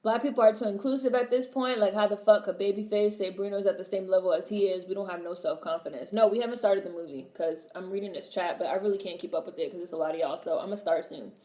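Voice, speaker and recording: A woman's voice: medium pitch, fast talker, few pauses, warm tone, reverberant. A young adult woman hosting a livestream, reading chat and chatting casually in a blunt, sassy way, swearing freely and repeating her punchlines.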